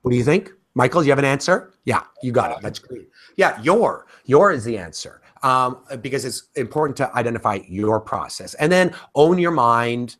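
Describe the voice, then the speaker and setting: A man's voice: mid-range voice, sing-song, moderate pace, fairly bright tone. A man teaching a course in a casual, talkative way, with frequent fillers and restarts. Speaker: course instructor. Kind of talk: casual spoken lecture.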